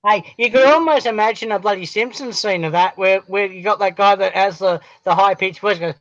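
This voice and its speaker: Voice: mid-range voice, fairly quick, a bit bright, no echo. Teasing co-host, dry lo-fi sound. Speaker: stream co-host reading chat. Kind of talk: casual chat. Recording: dry, dull lo-fi stream audio.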